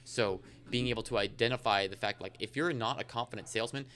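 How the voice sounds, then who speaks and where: Brief: man, podcast guest, rapid rambling delivery, smooth crisp voice, lowish pitch. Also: fairly bright tone. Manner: fast, rambling storyteller with many fillers. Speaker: insurance agent guest. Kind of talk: casual podcast interview.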